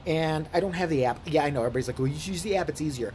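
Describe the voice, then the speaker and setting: A woman's voice: sits low, very fast, a little hiss or hum. A woman vlogger telling a story as an indignant, profane rant. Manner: indignant, swearing, animated storytelling.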